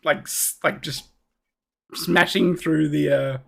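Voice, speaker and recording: A man's voice: a little high, fairly even intonation, slow, creaky, a bit bright. A man running a tabletop game as game master, narrating loosely with laughs.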